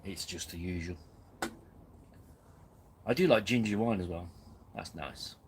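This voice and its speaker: A man's voice: sits low, a little slow, slight background noise, rough recording. A man hosting a casual live stream from his tent, rambling and self-deprecating. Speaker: camping channel host. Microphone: camera on tripod.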